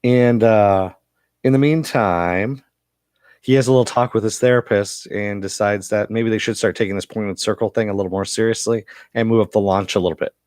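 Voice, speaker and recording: A man's voice: on the low side, moderate pace, a little mellow, dry recording, studio quality. A man with a cough giving a casual, rambling recap of a TV episode, full of fillers. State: has a cough. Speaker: TV episode reviewer.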